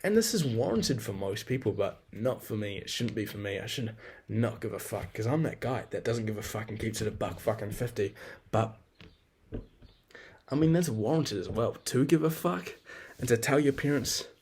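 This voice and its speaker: Rambling young man with a lowish voice. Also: expressive, normal speed, a little mellow, slightly rough. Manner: rambling, swears a lot, frank and self-deprecating. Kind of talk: casual personal monologue.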